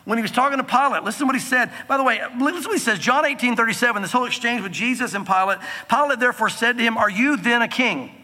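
A man preaching a sermon from the pulpit, earnest and emphatic, slowing down to stress key phrases. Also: very high-pitched, bright, forceful tone, big-room sound. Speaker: pastor.

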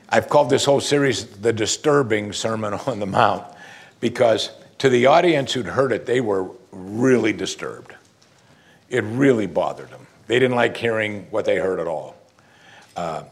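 A man's voice: on the low side, husky. A man preaching a sermon as pastor, emphatic, using rhetorical questions and musing hums between points.

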